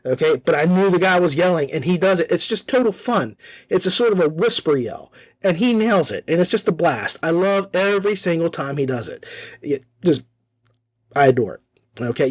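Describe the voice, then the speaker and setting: An enthusiastic man hosts a review podcast in loose, chatty talk, circling back to repeat his points. His voice sits a little high for a man. The sound is close and dry, with no room echo. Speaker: podcast host reviewing audiobooks. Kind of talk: casual spoken review.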